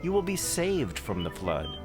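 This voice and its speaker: Man doing calm pious Noah for a kids' cartoon, earnest storybook read, lively pitch, music bed underneath. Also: measured pace. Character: calm pious male biblical patriarch. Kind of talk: scripted children's cartoon narration.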